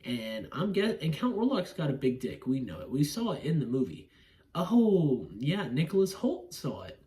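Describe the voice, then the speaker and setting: A man rambles through a casual movie review at home, swearing freely, laughing often, and acting out scenes. He's drowsy and yawns now and then. His voice leans high with big pitch swings, a moderate pace, and a darkish tone.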